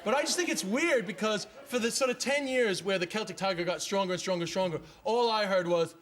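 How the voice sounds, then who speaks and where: A man, a comedian guest on a TV talk show, ranting animatedly and swearing in a quick stand-up style. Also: sits high, a bit bright. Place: TV studio with live audience.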